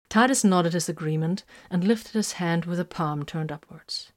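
Brief: woman narrator, slightly low pitch, steady audiobook reading. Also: normal speed, few pauses. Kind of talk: audiobook narration of fan fiction.

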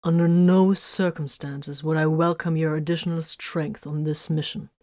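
A woman's voice: sits low, flat delivery, normal speed, a little mellow, dry recording, studio quality, close to an everyday voice. Woman voicing a stiff, solemn soldier. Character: stiff, proud young male sergeant.

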